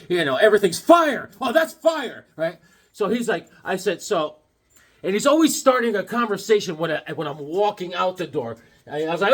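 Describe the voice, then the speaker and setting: A man's voice: high-pitched, breathy edge. A man chatting casually on his comic book channel, rambling through stories and doing voices. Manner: rambling, animated storytelling with voices. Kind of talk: casual vlog chat.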